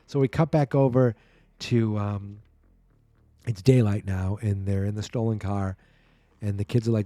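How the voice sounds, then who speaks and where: A man's voice: lowish voice, steady tone, a little slow, pauses often, mellow, dry recording. A man hosting a podcast who casually recaps a comic book page by page, reacting as he reads. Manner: chatty, exclaims and reacts while reading. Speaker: podcast host.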